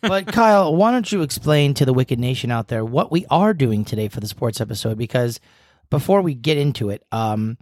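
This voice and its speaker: A man's voice: mid-range voice, animated, brisk, a little mellow, no room sound, studio quality. A young man co-hosting a casual podcast, joking around and rambling through sports stats. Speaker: podcast co-host. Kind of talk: casual chat.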